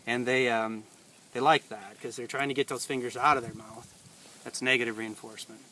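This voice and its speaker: Relaxed man training a dog outdoors. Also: medium pitch, brisk. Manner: relaxed, talks to the dog between explanations. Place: outdoors in a field by water. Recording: distant outdoor mic with noise.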